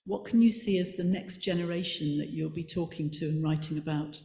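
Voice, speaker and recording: A man in the audience asking the panel a question, halting and searching for words. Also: on the high side, fairly even intonation, creaky, mellow. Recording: roomy hall, from the audience.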